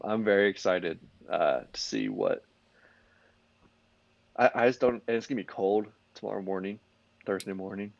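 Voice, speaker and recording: A man's voice: lowish voice, gravelly, no room sound, lo-fi sound. A young man co-hosting a podcast, chatting casually and rambling with lots of "like" and restarts. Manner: rambling, heavy use of "like", many restarts. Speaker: podcast co-host. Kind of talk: casual sports chat.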